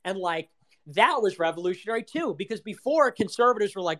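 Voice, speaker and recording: A man's voice: high voice, expressive, a little fast, bright, forceful tone. A young man hosting an audio chat room, giving a rambling casual political monologue full of rhetorical questions and swearing.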